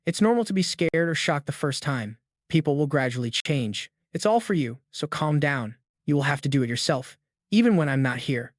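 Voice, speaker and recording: A man doing a cold, calm young convict. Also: on the high side, moderate pace, no echo, studio quality. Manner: flat, emotionless lecturing. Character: cold, calm male death row inmate, twenty-six.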